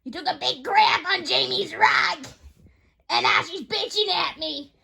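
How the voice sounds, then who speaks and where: A woman voicing a brash, rude woman neighbor who yells, in an amateur role-play video. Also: extremely high pitch, animated, unhurried, gravelly, heavily acted. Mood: defensive. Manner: loud, yelling, rude. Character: brash shrill woman neighbor, dog owner, smoker.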